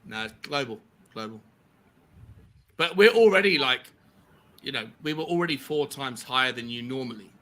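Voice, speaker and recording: A man from the UK chatting casually as a co-host, quick and explaining things with lots of likes and rights. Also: medium pitch, animated, fairly bright tone. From United Kingdom. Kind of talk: casual chat.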